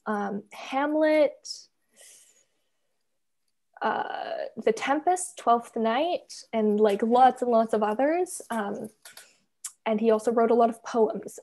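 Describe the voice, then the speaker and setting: A young woman from Canada with a slightly high voice, talking casually over a video call. She explains things carefully and hesitantly, leaning on lots of filler words. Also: dark tone. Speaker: co-author and reader. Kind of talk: casual conversation.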